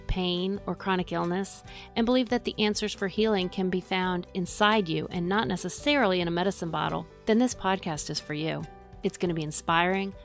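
A woman hosting a podcast, reading an enthusiastic introduction and then chatting with her co-host. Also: on the low side. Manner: enthusiastic, upbeat. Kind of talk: scripted introduction and casual podcast chat.

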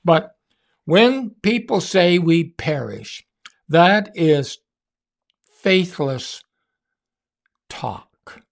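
Slow gravelly-voiced man preaching. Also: fairly high pitch, very animated. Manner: earnest, emphatic preaching with drawn-out pauses. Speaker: faith teacher. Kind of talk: sermon-style teaching.

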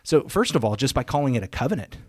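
A man's voice: mid-range voice, big pitch swings, fast, a little mellow, no room sound, clean studio sound. A man co-hosting a podcast, reading a psalm aloud and then discussing it in a casual, earnest way, often restarting his sentences. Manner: earnest, restarts and self-corrections while discussing. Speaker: podcast co-host.

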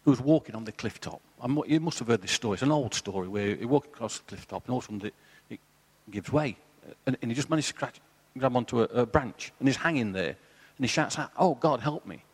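Husky man in a church hall. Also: medium pitch, fast. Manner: earnest, storytelling, animated. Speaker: church panel guest. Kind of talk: live church testimony talk.

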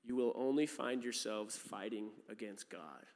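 A man's voice: fairly low pitch, unhurried, darkish tone. Casual preaching man in a reverberant hall. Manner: casual, conversational preaching with many fillers. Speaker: pastor. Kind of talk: sermon.

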